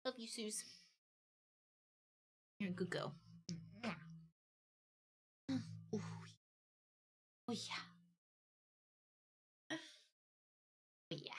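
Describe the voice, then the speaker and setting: A woman's voice: high voice, very animated, extremely slow, pauses often, fairly bright tone, breathy edge. A woman streaming live, chatting casually, cooing at her dog in baby talk and giggling as she thanks her viewers.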